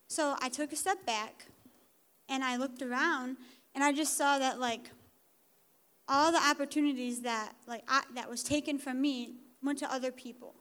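A teenage girl giving a casual personal testimony in church, talking in a youthful way with lots of "like". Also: high voice. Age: teens. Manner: casual, youthful, uses like often.

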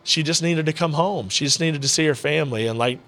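A man's voice: fairly high pitch, brisk, fairly bright tone. A man who announces combat sports, a podcast guest telling a heartfelt story in casual, rambling talk full of "you know" and "bro". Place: indoor VR arcade he owns.

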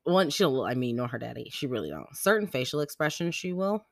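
A woman's voice: extremely low pitch, expressive, fairly quick, gravelly, no echo, clean studio sound. A young woman hosting a podcast, telling stories about her daughter in a slangy, rambling way with lots of "like". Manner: chatty storytelling, slangy, lots of "like". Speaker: podcast host. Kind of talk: casual chat.

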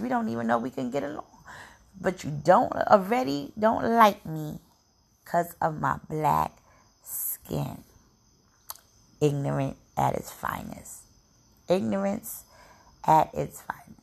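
A young adult woman with a gravelly voice, speaking in an emotional personal monologue to camera, repeating phrases and sometimes dropping to a whisper. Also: fairly low pitch. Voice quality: gravelly, heavy vocal fry.

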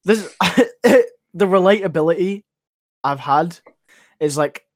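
A man's voice: sits high, lively intonation, takes it slowly, no echo, clean studio sound. Laid-back northern English young man. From Northern England. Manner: laid-back, rambling, slangy. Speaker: podcast guest host. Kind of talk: casual chat.

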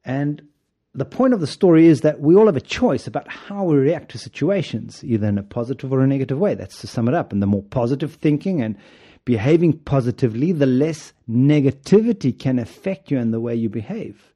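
A man's voice: mid-range voice, lively intonation, fairly quick, mellow. A man hosting a running podcast in a casual monologue, playful and joking, often chuckling as he tells stories. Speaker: podcast host and running coach.

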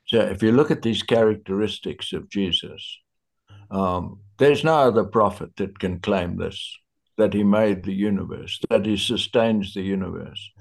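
A man leads a relaxed Bible study, talking very slowly. His voice is low and gravelly, and he often stops with fillers while he hunts for a word. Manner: slow, searching for words, many fillers. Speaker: Bible teacher.

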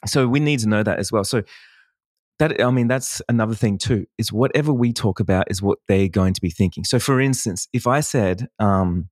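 A man with a lowish voice hosts a relaxed coaching chat, lively and playful as he acts out client conversations. He laughs easily and keeps things loose. The sound is dry and close, with no room around it. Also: moderate pace, no room sound. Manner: animated, acts out client dialogue, laughs often. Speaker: wedding photographer and business coach. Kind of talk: casual workshop chat.

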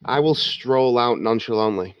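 A man's voice: mid-range voice, moderate pace, clear, resonant tone, no echo, muffled recording. A man playing a tabletop game, wry and stammering into restarts. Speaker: player. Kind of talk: casual tabletop play.

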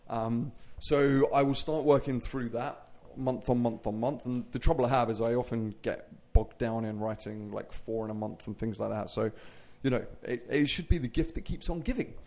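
The man's mid-range voice has a darkish tone, and he keeps a moderate pace with hardly any pauses. As host of his own fitness podcast, this fitness coach rambles through a casual solo chat, poking fun at himself.

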